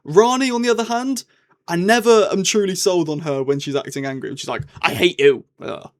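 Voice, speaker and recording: A man's voice: high voice, fairly quick. A young man giving a casual, rambling TV review, his tone swinging up and down as he talks. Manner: chatty and rambling, with lively swings in tone.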